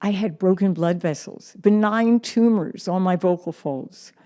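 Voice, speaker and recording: Slow-talking woman teaching singing. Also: mid-range voice, warm tone. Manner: slow, encouraging, reads aloud and sings examples. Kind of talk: singing lesson with demonstrations.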